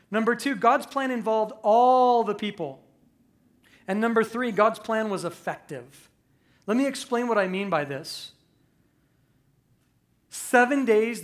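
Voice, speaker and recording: A man preaching a conversational, animated sermon as pastor, acting out quick voices for humor. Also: high-pitched.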